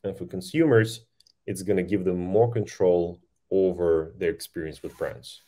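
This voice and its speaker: A man speaking as a guest on a podcast interview, talking quickly and eagerly with frequent restarts. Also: sits low, dark tone. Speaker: podcast guest, voice-tech company founder.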